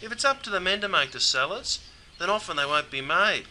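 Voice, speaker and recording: A man's voice: sits high, lively intonation, fairly quick, sharp tone, a little hiss or hum. A man with an Australian accent, presenting a scripted comedic explainer in a dry, matey way. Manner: dry, matey, says mate constantly.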